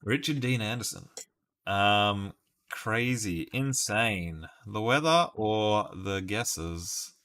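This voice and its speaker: A young Australian man chatting on a live stream, his tone bright and forward. He talks at an unhurried, drawn-out pace, thinking out loud and laughing easily between guesses. His voice sits a little low for a man. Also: expressive. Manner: playful, laughs often, muses through guesses aloud. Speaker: streamer solving word puzzles live. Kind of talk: casual live-stream chat with viewers.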